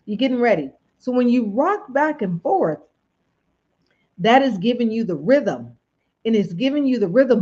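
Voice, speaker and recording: Late at night, a woman hosts a livestream, greeting viewers and lecturing them in a preachy way full of questions. Her mid-range voice is warm with a breathy edge, and the stream audio sounds dull and lo-fi.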